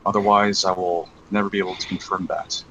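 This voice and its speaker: A man voicing a secretive male seer who speaks in a formal, measured way. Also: low-pitched, little pitch movement, a bit bright, dull audio, a little hiss or hum. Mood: earnest, measured. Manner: formal, measured, archaic phrasing.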